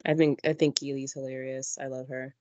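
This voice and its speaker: A woman in casual conversation, animated, slipping into playful voices when she quotes someone. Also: very deep voice, brisk, dry recording, dull audio. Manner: animated, jumps into mock voices when quoting. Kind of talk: casual chat.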